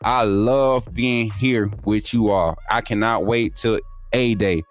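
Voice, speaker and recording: A young man, hosting a sports livestream, reading super chats and teasing viewers in energetic, laughing banter. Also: on the low side, slow. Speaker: YouTube sports show host.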